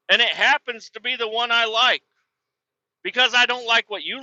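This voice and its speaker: A man hosting a comedy podcast, ranting with heavy profanity and sudden bursts of shouting. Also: very high-pitched, normal speed, no echo. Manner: profane, erupts into shouting tirades. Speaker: podcast host. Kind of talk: comedic rant. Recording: dull lo-fi recording.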